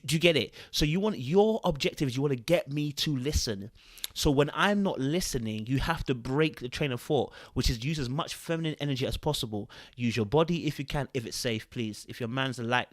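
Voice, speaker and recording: A man, hosting a podcast and reading out fan comments in a chatty, animated way that often repeats itself. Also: medium pitch, dry recording, studio quality. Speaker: podcast host.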